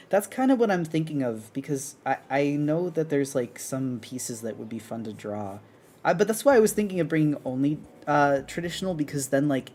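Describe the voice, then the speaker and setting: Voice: medium pitch, darkish tone, slight background noise. A streamer chatting casually while drawing, rambling with lots of fillers and restarts. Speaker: art streamer. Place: apartment on an upper floor.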